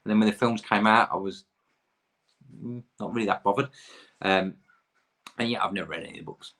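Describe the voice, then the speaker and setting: A man's voice: on the low side, brisk, fairly bright tone. A man in his thirties from the UK, hosting a pub quiz with chatty, rambling, self-deprecating asides.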